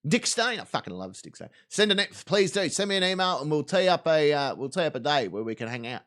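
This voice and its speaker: A man's voice: fairly high pitch, sing-song, fast, fairly bright tone. A man with an Australian accent hosting a live stream, giving crude, rambling, swaggering commentary on videos.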